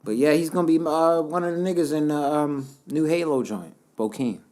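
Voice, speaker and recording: A man's voice: a little high, moderate pace, a little mellow, soft background music. A man co-hosting a podcast in casual, laid-back, slang-heavy banter. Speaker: podcast co-host. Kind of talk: casual chat.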